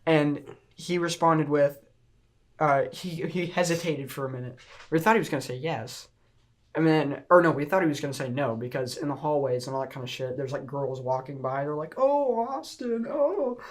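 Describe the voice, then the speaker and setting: A man's voice: on the high side, steady tone, brisk. Rambling young male podcast co-host. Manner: rambling storyteller, many "like" and "um" fillers. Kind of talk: casual chat.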